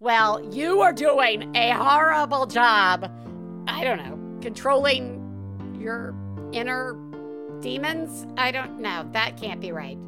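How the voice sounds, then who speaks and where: A woman from the American South hosts a podcast in loose, chatty talk. She laughs easily and strings thoughts together with fillers. Her voice sits a little high. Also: lively intonation, slow pace, music in the background. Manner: chatty, laughs often, filler-heavy storytelling. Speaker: podcast host. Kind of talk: casual chat.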